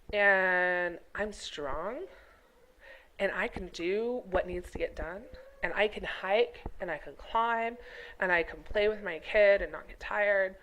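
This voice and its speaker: A middle-aged woman vlogger delivering a to-camera rant. Her voice sits at an ordinary middle pitch. She scolds emphatically and keeps checking in with the viewer with "okay?" and "right?". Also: a bit bright, poor audio. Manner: emphatic, scolding, rhetorical questions. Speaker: vlogger, health teacher.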